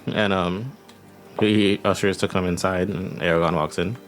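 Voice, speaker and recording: A man's voice: low-pitched, fairly even intonation, unhurried. A young man narrating as game master in a casual, chatty way, with frequent laughs.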